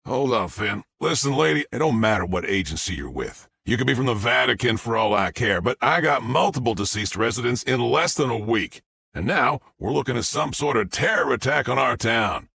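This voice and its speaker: Man playing a gruff, impatient small-town sheriff. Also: mid-range voice, expressive, fairly quick, bright, forceful tone, dry recording, full character voice. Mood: defiant. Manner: folksy, blunt, irritable.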